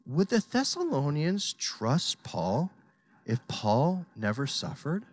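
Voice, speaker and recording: Impassioned preacher with a lively pitch. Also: slow, dry recording. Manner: impassioned, emphatic, swinging from hushed to loud. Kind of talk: sermon.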